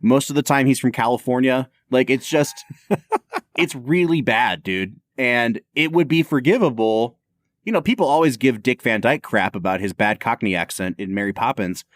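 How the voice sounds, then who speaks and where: A man co-hosting a podcast in casual chat, animated and opinionated. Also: mid-range voice, moderate pace, dry recording, studio quality. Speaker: podcast co-host.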